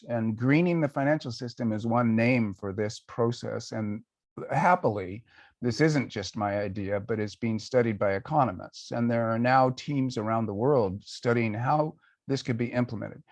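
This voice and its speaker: An older man, a guest author, answers questions in a conversational panel, measured and thoughtful, with pauses and fillers. His voice is medium in pitch and the recording is dry.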